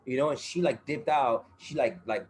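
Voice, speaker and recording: A man's voice: medium pitch, moderate pace. A man guest on a podcast, telling a story in casual chat, full of profanity, street slang and fillers.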